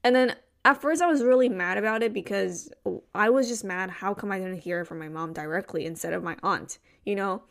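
A woman's voice: medium pitch, brisk, vocal fry, few pauses, a bit bright. A young woman from Taiwan telling a long personal story in casual chat, full of restarts and fillers.

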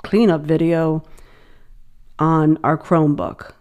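A woman with a New York accent, a teacher guesting on a podcast. Her voice is smooth and clear, and sits a bit low. She talks in a plain, chatty way. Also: steady tone, takes it slowly, darkish tone, muffled recording. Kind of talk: casual conversation.

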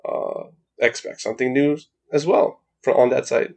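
A man's voice: mid-range voice, moderate pace, gravelly, dark tone. A man guesting on a podcast, rambling and hesitant, with many uhs. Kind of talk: casual chat.

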